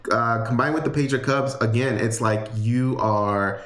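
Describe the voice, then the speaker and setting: A man's voice: mid-range voice, unhurried, a bit bright, reverberant. A man giving a casual livestream tarot reading, chatty and rambling with many fillers and restarts. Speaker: tarot reader.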